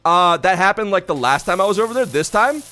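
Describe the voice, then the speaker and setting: A young man chats on a live stream, ranting and swearing as he tells stories. His pitch sits a little high and swings widely. Faint music plays under him. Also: brisk. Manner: profane, ranting, animated storytelling. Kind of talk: casual live-stream chat.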